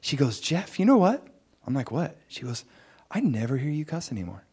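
A man preaching a sermon, telling his own testimony in a lively storytelling way. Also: normal speed, husky. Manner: animated storytelling, jumps much higher and louder in excited moments.

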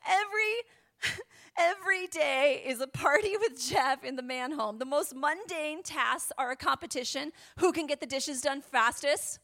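High-pitched lady preaching, chatty and animated, whispers a lot, laughs a lot. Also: gravelly. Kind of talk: sermon.

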